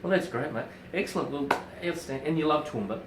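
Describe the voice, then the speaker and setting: A man hosting a casual interview, giving quick friendly replies. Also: a little high, crowd noise. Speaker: host. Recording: echoey room with faint noise.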